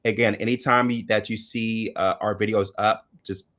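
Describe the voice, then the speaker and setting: Man, co-host, relaxed chat, lower voice, pauses and ums. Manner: hesitant, many ums, searches for words. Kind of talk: casual chat.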